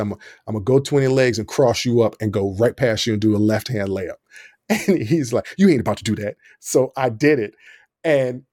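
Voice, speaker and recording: Here a young man hosting a podcast spins a casual, lively tale, often breaking into laughter and performing other people's lines. His pitch is medium, and the studio-grade recording is dry.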